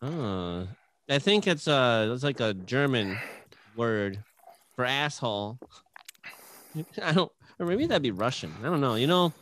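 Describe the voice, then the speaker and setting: A man's voice: very animated, a little slow, a bit bright. A man co-hosting a comedy podcast, rambling and laughing as he talks. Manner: rambling, laughing, jumps high in pitch. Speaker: podcast co-host. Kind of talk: casual comedic podcast banter.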